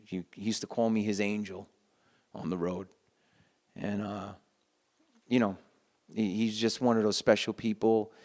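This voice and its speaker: A man's voice: lowish voice, level tone, a little mellow. Heartfelt man telling a story. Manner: heartfelt, halting with restarts. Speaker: guitarist sharing a memory. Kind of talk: casual storytelling.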